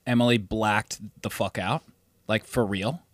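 A man's voice: unhurried, no echo, studio quality. A man casually telling a rowdy story on a podcast, swearing a lot and acting out his friends' lines. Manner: animated storyteller, swears freely, acts out friends in high voices. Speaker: podcast co-host.

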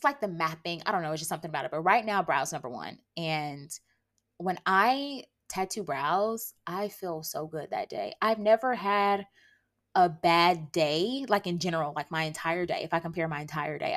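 A woman's voice: medium pitch, fairly bright tone. A woman in her late twenties hosting a casual solo podcast, talking emphatically and laughing often. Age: 20s. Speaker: podcast host and beauty tattoo artist.

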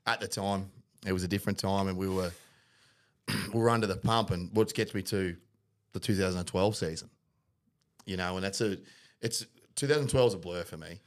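A man's voice: deep voice, fairly quick, pauses often. A man in casual podcast chat, reflective, steering the conversation with his co-host.

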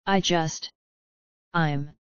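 A woman voicing a strained, distressed young male wizard in an audiobook, speaking haltingly. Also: low voice, fairly even intonation, clear, resonant tone, no room sound, lo-fi sound.

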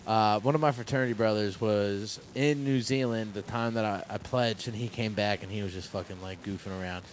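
A man's voice: lowish voice, steady tone, a little fast, a little hiss or hum, rough recording. Joking, blunt young man. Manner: joking, blunt, swears freely. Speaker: podcast co-host. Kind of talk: casual chat.

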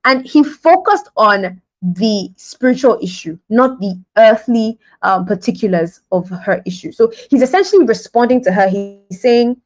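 A woman's voice: fairly high pitch, expressive, moderate pace, rough recording. Conversational woman preaching a devotional. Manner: conversational, laughs often, acts out scenes. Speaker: podcast preacher. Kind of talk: devotional podcast sermon.

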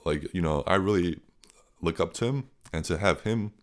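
A young man with a low-pitched voice, guesting on an interview podcast. He tells his story in a casual, earnest and rambling way, leaning heavily on filler words as he goes. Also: normal speed.

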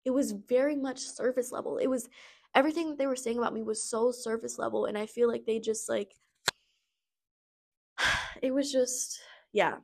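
A woman's voice: a little high, steady tone, normal speed, gravelly, pauses often. A young adult woman hosting a podcast, telling her personal story in a candid, rambling way, with many fillers and some blunt swearing. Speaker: podcast host.

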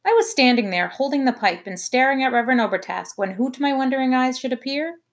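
A woman reading a children's novel aloud with lively, expressive narration. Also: sits high, fast talker. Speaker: audiobook reader. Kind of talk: scripted narration.

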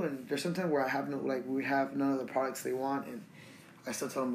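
A young man hosting a solo podcast, talking in a relaxed, slangy way as he rants about his day. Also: medium pitch, fast talker, a little hiss or hum. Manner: relaxed, slangy and ranting, full of fillers. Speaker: podcast host. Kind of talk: casual solo podcast monologue.

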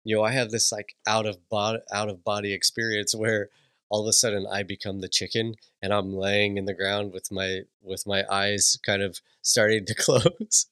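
Male podcast host, deeper voice, close dry mic, chatty and animated storyteller who stumbles and restarts. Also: normal speed, clean tone, no echo. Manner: animated, laughs often, many restarts. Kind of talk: casual storytelling monologue.

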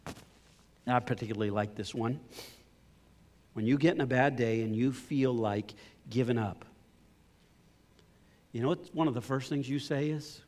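A middle-aged man preaching a sermon as a pastor, swinging from loud impassioned pleading to low, quiet storytelling. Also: steady tone, a little slow, long pauses. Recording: long hall reverb.

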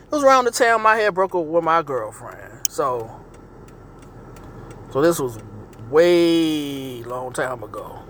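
A man's voice: on the high side, sing-song, slow pace, a bit bright. A man hosting a podcast, talking bluntly in casual slang as he comments from inside a car. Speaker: podcast host. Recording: noisy car interior.

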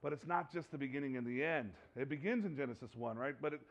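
A man preaching a conversational sermon, joking and animated, repeating phrases for emphasis. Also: mid-range voice, quick pace. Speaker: pastor.

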